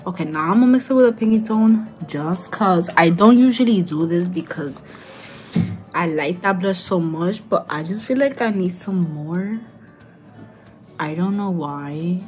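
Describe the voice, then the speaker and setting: Soft music plays in the background as a tipsy young woman with a lowish, darkish voice talks unhurriedly. She's a beauty vlogger, loosely rambling and cursing playfully through a laid-back makeup tutorial.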